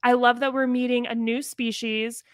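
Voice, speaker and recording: A woman co-hosting a podcast, reviewing a cartoon episode in casual chat, animated and quick, full of "like". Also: on the high side, clean tone, dry recording. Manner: animated, quick bursts, frequent "like". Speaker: podcast co-host.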